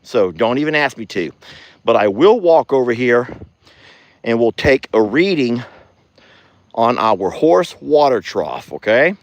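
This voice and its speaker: Standing on a farm pasture, this ranch vlogger chats folksily to viewers in a relaxed outdoor video, his Southern US accent carrying a sing-song lilt. He's medium-pitched and unhurried, leaving long pauses, and the lo-fi recording has no echo.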